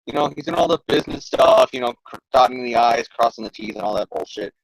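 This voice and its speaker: A man's voice: mid-range voice, quick pace, gravelly, no echo, low-quality recording. A man co-hosting a casual comic-book discussion, jokey and full of profanity. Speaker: podcast co-host.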